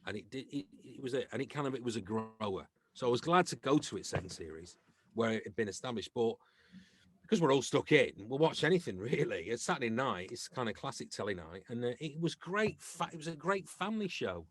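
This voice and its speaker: A man's voice: mid-range voice, brisk, slight background noise. A middle-aged man from England, a comedian and actor, chatting as a podcast guest and acting out the people in his stories. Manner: lively storyteller who acts out quoted voices. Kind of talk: casual anecdotal chat.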